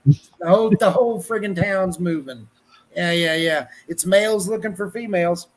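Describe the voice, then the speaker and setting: This is a high-voiced man talking at a moderate pace. He's a middle-aged wrestling journalist from Colorado who rambles through casual podcast chat in a folksy style, swearing freely.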